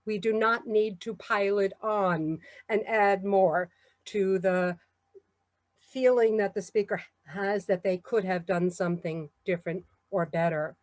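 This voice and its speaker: A woman with a New York accent giving a measured, encouraging talk on public speaking. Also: medium pitch, steady tone, no echo. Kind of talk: instructional talk.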